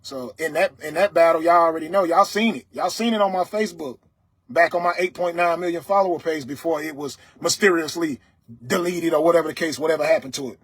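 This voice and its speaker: An adult man on a livestream, speaking loudly and sternly to his viewers as a motivational talk, often asking "you understand me?". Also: fairly high pitch, quick pace, husky, no echo. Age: adult, father of several children. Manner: loud, stern, preaching; dialect grammar, repeated "you understand me?". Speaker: livestream host.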